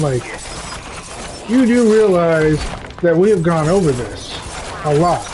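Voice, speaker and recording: A man chatting casually on a live game stream, rambling and telling stories with lively energy. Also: high-pitched, measured pace, pauses often, background noise. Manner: rambling, animated storytelling. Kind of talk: casual live-stream chat while gaming.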